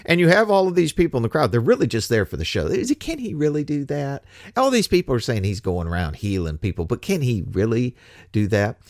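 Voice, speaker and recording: A man preaching a casual sermon, wry and animated, slipping from scripture into slangy paraphrase. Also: mid-range voice, fairly quick, dry recording, clean studio sound.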